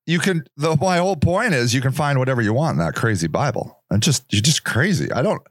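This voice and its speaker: A man's voice: mid-range voice, lively intonation, brisk, no room sound, studio quality. A man hosting a casual solo podcast, rambling sarcastically and mocking other people's voices. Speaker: podcast host.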